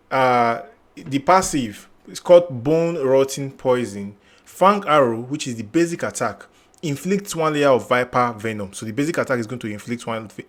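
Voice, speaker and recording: Casual male gaming guide host. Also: mid-range voice. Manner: thinking aloud, rereading and restarting lines. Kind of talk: casual game guide commentary.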